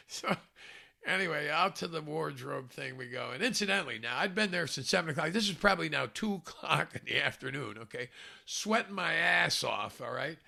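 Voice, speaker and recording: A man's voice: on the high side, animated, normal speed, gravelly, sharp tone. A man casually telling a self-mocking story, chuckling often as he talks. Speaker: storyteller recalling a film job.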